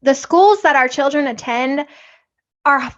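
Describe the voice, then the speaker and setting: A woman's voice: sits high, a little slow. A woman co-hosting a casual podcast chat, speaking animatedly and acting out talks with her kids. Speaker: podcast co-host. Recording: dull lo-fi audio.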